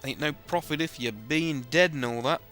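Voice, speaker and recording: Guy doing a gruff sailor voice, rough sea-dog accent, bright edgy tone, faint game music under it. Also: fairly high pitch, moderate pace, natural voice. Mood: wry. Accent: put-on rough seafaring accent. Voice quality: rough, drawling folksy speech. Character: gruff, chatty adult male sailor. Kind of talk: reading game dialogue aloud in character.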